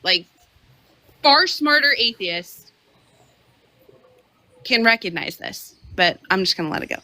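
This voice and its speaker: A woman's voice: mid-range voice, lively intonation, measured pace, pushed and bright, rough recording. A woman debating on a live online call, combative and dismissive, swearing and tagging her points with "right?".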